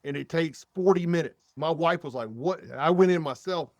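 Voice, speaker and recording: A man's voice: a little high, normal speed, no room sound. Rambling man telling stories, dry mic. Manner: rambling, animated storytelling with many fillers. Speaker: podcast guest. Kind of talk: casual chat.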